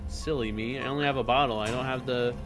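A man hosting a casual let's-play, excitable and often yelling and repeating himself. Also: mid-range voice, fast talker, over music. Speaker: gaming channel host.

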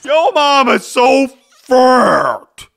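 A man narrating and playing the lead in an animated joke cartoon, animated and exclaiming. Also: extremely high pitch, drawn-out words, creaky, no echo. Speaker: cartoon narrator and main character.

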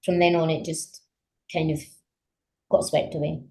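A woman with a notably low voice, chatting as a podcast guest. She tells her stories with animation and plenty of ums and restarts. The talk stays relaxed and conversational. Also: normal speed, low-quality recording. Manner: animated storyteller, many fillers. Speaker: politician guest. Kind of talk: casual conversation.

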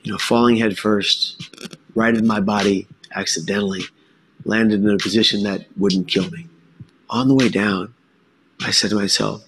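A man giving an earnest, emphatic personal testimony talk, with dramatic pauses. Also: on the low side, little pitch movement, a bit bright, a little hiss or hum. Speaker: speaker sharing his story.

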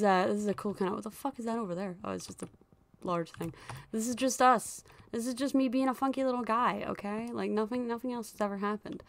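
A young woman giving casual, chatty commentary while she plays a video game, often breaking into excited squeals and laughter. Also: mid-range voice, no echo. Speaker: gaming YouTuber.

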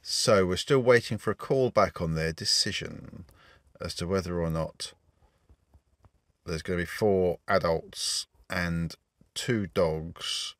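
Man, vlogger, fairly low voice, dry wry delivery, casual chat. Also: slow pace, fairly bright tone, dry recording. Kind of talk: casual vlog narration. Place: campervan trip outdoors.

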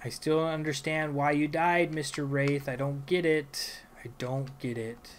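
A man's voice: a little high, steady tone, a little slow, a little hiss or hum. A man talking casually over his own video game playthrough, muttering to himself and then cursing at enemies. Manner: swears loudly at enemies, rambling asides. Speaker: gameplay video host. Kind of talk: casual let's play commentary.

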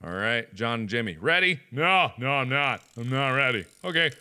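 A young man giving loud, jokey let's-play commentary, swinging between deep mutters and high yelps. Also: lively intonation, normal speed, smooth. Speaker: gaming video host.

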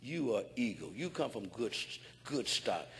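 A man voicing a gentle, caring man who softly coaxes a bird, in a low hushed tone. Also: big pitch swings, unhurried. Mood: coaxing. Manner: low soft coaxing. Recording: long hall reverb.

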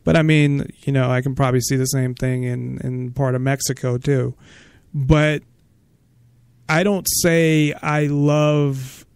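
A man hosting a talk radio show, chatting casually and arguing his point deliberately, step by step. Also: mid-range voice, fairly even intonation, gravelly, a little mellow, smooth, no room sound. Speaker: host.

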